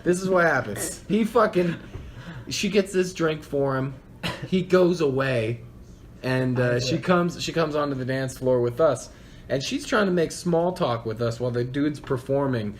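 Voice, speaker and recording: A man's voice: medium pitch, measured pace. A young man and podcast co-host, telling a crude story in casual chat and laughing as he goes. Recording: faint background noise.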